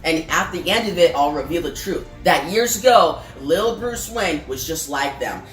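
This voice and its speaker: A taunting male villain clown monologues, read out by a woman in a fairly low, casual voice. The room echoes around it. Quiet music runs underneath. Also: expressive, moderate pace.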